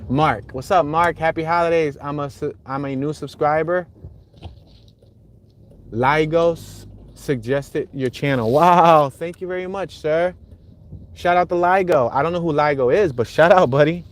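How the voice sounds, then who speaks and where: Male street-tour streamer, relaxed and talkative, speaking from behind the wheel. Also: on the high side, measured pace. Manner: chatty, reads viewer comments aloud and greets chatters. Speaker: livestream host driving a neighborhood tour. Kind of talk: casual live commentary while driving. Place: inside a car on city streets.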